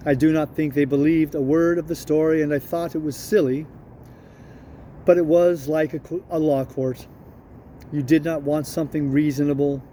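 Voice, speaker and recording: A man reading a novel aloud at a steady, unhurried pace, now and then correcting himself. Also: fairly high pitch, a little hiss or hum. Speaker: audiobook reader.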